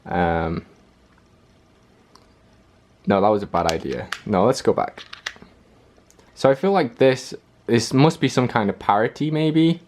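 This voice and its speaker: A man's voice: mid-range voice, expressive, measured pace, long pauses, a little mellow. A young man hosting his own video, thinking aloud as he works through a puzzle, hesitant and full of fillers. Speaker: puzzle-solving video host.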